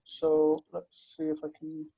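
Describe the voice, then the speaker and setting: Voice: mid-range voice, sing-song, a little slow, gravelly, warm tone, husky. A teacher giving an online grammar lesson over a video call, explaining patiently with lots of fillers and restarts. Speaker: Hebrew teacher. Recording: muffled video call audio.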